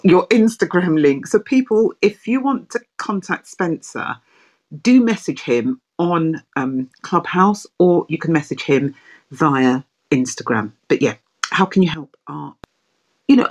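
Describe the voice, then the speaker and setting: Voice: mid-range voice, a little mellow, rough recording. A chat host thanking a guest and asking a follow-up, hesitating and searching for words. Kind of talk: casual chat hosting.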